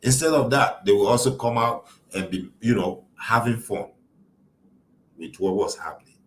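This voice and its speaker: A man's voice: fairly low pitch, lively intonation, moderate pace, a bit bright, reverberant, slight background noise, poor audio. A man hosting a show, giving impassioned social commentary in emphatic, repetitive rhetorical lists. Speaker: show host.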